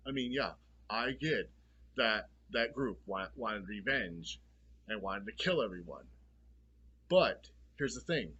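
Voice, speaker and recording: A man's voice: medium pitch, fairly bright tone, husky, highs cut off. A man giving a casual movie review, swearing freely in a blunt, exasperated rant.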